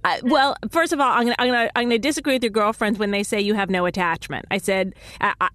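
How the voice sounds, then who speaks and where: Quick-talking woman radio advice host. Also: mid-range voice, no room sound. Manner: warm laughing, quick explanatory advice with restarts.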